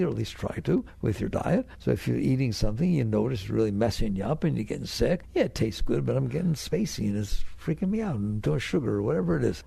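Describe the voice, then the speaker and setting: Gravelly man giving an earnest spiritual talk. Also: on the high side, warm tone, dry recording. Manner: earnest, pleading, repeats phrases for emphasis; acts out anxious inner voices. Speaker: spiritual teacher.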